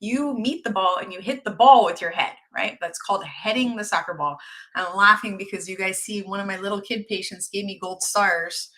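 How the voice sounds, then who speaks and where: A middle-aged woman, a doctor being interviewed, telling casual stories and acting out the lines of the people in them. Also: medium pitch. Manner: animated, acts out dialogue in her stories. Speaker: guest doctor.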